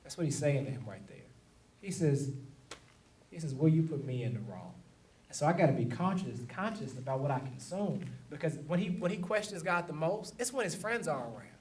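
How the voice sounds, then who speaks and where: A man's voice: a little high, expressive, a little fast, darkish tone. A male pastor preaching a sermon in a conversational way, laughing now and then and acting out quotes. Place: church sanctuary. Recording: echoey room, mic at a distance.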